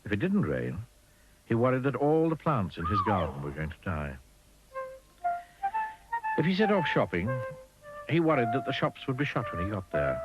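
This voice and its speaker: A man reading a children's storybook aloud in an expressive, playful way, sometimes speaking to the listener. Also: medium pitch, moderate pace, long pauses, muffled recording, over music.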